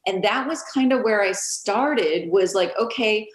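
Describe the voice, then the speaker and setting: A woman realtor, a guest on an interview, telling stories in a lively casual way and acting out what others said, over a video call. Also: mid-range voice, unhurried, echoey room, low-quality recording. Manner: animated, storytelling, acts out quotes.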